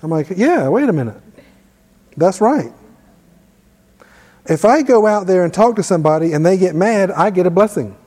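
A man with a somewhat high yet mellow voice tells a personal story while teaching, easygoing and self-deprecating. His voice rings out with a long reverb, as if in a large hall. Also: expressive, normal speed, long pauses. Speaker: ministry teacher.

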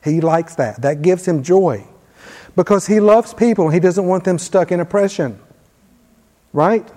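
A man's voice: sits high, expressive, a little slow, mellow. A man preaching a sermon in a conversational way, reading scripture aloud with emphasis in a church hall. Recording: long hall reverb.

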